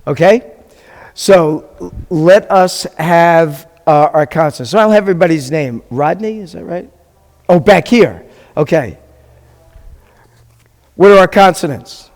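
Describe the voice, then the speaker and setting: A man teaching a beginners' language class, chatty and patient, often quizzing the room. His voice sits a little high for a man. It rings with the long reverb of a classroom. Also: animated, unhurried, darkish tone. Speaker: rabbi teaching a Hebrew class. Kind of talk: classroom teaching with questions to students.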